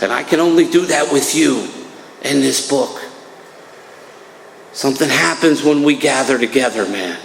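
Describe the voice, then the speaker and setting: A man's voice: medium pitch, creaky. A middle-aged man from New Jersey giving a conversational personal talk at a recovery meeting, peppering it with "man" and "right". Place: meeting hall. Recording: echoey hall, faint room noise.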